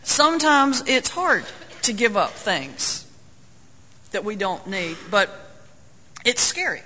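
Bright-voiced preacher, joking. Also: male voice, high-pitched, big pitch swings, slow pace, a little hiss or hum. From North Carolina, US. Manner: folksy, joking storyteller. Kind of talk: sermon. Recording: long hall reverb.

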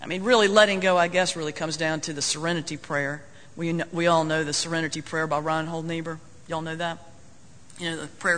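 Bright-voiced preacher, joking. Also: male voice, on the high side, little pitch movement, a little fast. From North Carolina, US. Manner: folksy, joking storyteller. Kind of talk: sermon. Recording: long hall reverb.

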